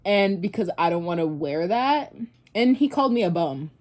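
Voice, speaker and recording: A young woman talks through a story for her vlog, her voice a bit low and mellow. She rambles with plenty of fillers and false starts, loose and chatty. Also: moderate pace. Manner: rambling, animated retelling with many fillers and restarts. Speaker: vlogger. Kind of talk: casual storytime and reaction.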